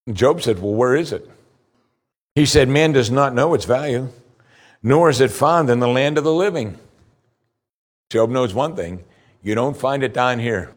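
A man preaching a sermon, reading scripture slowly and pressing his points with rising emphasis. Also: expressive. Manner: earnest, rises in pitch for emphasis, slows for scripture reading.

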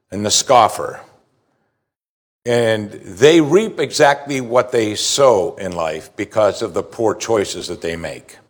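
A man preaching a sermon from the pulpit. He swings between loud, stressed declarations and quiet, confiding asides. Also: mid-range voice. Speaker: pastor.

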